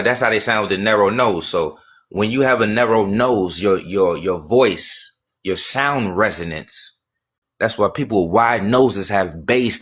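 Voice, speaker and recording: A man's voice: lowish voice, a bit bright. A man hosting a livestream, talking in a casual, emphatic rant full of repetition and rhetorical questions. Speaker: livestream host.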